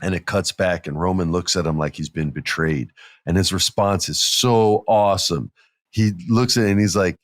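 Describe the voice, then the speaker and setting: Male podcast co-host, low voice, dry close-mic sound, lively storyteller. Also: moderate pace, no echo. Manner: animated storyteller, acts out wrestlers' lines. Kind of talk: casual wrestling podcast chat.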